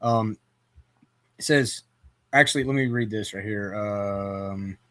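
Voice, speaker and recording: A man's voice: on the low side, slow, sharp tone. A man hosting a casual movie chat, rambling with lots of fillers and restarts. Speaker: podcast host.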